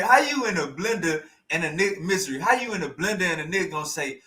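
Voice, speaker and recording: A man hosting a livestream, reacting to a debate clip in loud, profane, mocking commentary that keeps repeating phrases. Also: a little high, expressive, fast, few pauses, roomy sound, poor audio. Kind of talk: casual live reaction commentary.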